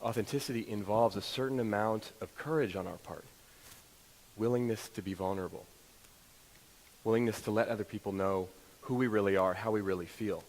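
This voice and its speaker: Fast-talking man in an echoey hall. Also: fairly low pitch. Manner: animated, self-deprecating storytelling. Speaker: motivational speaker. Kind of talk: storytelling keynote talk to an audience.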